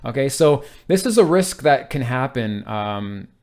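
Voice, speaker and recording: A man's voice: medium pitch, lively intonation, unhurried, a little mellow. A man giving a casual, rambling tech tutorial, joking around, making little sound effects and tossing in asides. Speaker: IT tech explainer.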